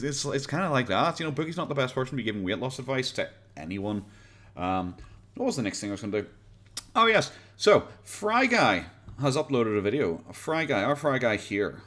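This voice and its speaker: A man's voice: medium pitch, big pitch swings, brisk, fairly bright tone. An Irish man hosting a casual reaction livestream from home. He rambles and chats, laughs often and swears casually, speaking into a desk condenser mic. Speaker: livestream host. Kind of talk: casual reaction stream chat. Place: home, pets nearby. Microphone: USB condenser desk mic.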